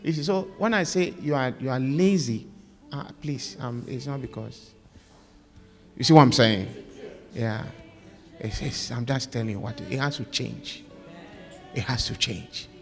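A man preaching and leading a fervent prayer, repeating his pleas and moving between loud calls and plain, scolding talk to the congregation. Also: medium pitch, unhurried, vocal fry, pauses often. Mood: exhorting. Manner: fervent, repetitive prayer with rising, pleading calls; conversational, scolding exhortation. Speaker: pastor. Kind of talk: sermon with led prayer. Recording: long hall reverb with faint music.

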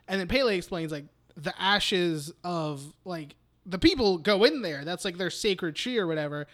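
High pitched guy on a movie podcast, rambling recap, lots of swearing. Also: moderate pace, a bit bright. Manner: rambling, profane retelling of scenes with mock quotes. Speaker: podcast co-host. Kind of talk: casual movie chat.

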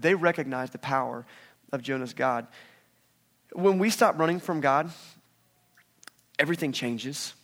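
A man preaching a casual sermon, lively and animated, acting out the voices of the people in the story. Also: medium pitch. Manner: animated, acts out quoted voices. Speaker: pastor.

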